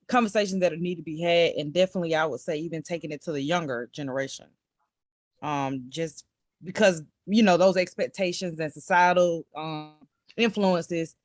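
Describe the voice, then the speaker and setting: A woman's voice: fairly low pitch, no echo. Brief: woman, mid voice, parent joining a call, dry close sound. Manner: laughing, reflective, loose. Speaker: attendee, parent. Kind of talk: casual webinar chat. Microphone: video call.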